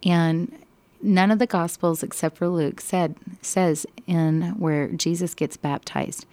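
A woman telling a Bible story, expressive, slow and emphatic. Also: fairly low pitch, no echo.

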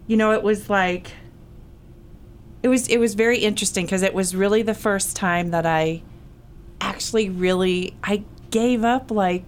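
A woman's voice: medium pitch, moderate pace, slight background noise. A woman in a Bible study group sharing a personal experience in a rambling way, full of fillers and restarts. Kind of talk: casual group discussion.

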